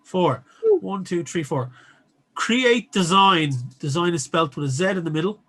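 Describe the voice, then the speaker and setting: A man's voice: on the high side, a little fast. A man hosting and running a tabletop game, talking in a loose, chatty way with lots of ums. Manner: chatty, filler-heavy, loose delivery. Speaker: game master and host. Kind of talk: narrating a tabletop game, casual chat.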